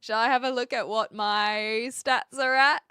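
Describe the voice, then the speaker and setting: Woman, New Zealand accent, streamer reading chat, unhurried, dry close sound. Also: fairly high pitch, steady tone, bright, forceful tone, clean tone, no echo. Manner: chatty, rambling with many fillers and restarts. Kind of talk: live stream chat, reading viewer questions.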